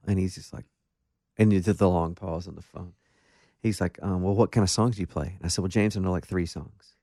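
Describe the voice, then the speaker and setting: Low-voiced man telling a story. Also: a little fast, no room sound, studio quality. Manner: animated, self-deprecating anecdotes with many restarts. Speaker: guest musician. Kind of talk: casual interview storytelling.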